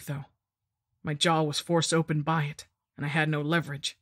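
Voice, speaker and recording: A woman reading a first-person horror story in a steady, measured narration. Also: low voice, dry recording, studio quality.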